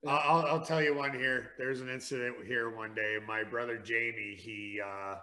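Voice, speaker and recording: A man's voice: medium pitch, steady tone, normal speed, sharp tone. A man casually telling a family story on a podcast, swearing and laughing as he goes.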